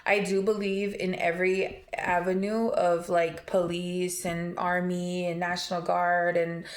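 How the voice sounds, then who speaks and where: A woman's voice: fairly low pitch, flat delivery, a little slow, roomy sound. A woman telling a personal story on a casual vlog, emotional and rambling, with lots of fillers and restarts. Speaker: vlogger.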